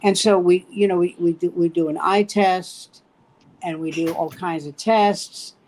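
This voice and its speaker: A man's voice: sits high, steady tone, a little slow, darkish tone, slight background noise, rough recording. A man in his seventies, a stand-up comic, telling stories in casual chat and acting out the voices of people he quotes. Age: 70s.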